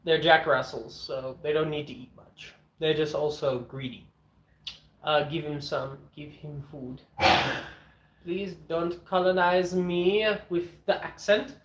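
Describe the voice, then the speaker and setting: A man streaming from home with his dogs, chatting casually as he eats, blunt and opinionated, clearing his throat often. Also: fairly high pitch, slow, a bit bright, slight background noise. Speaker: streamer eating on camera and answering chat. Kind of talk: casual rambling chat and rant. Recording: echoey room.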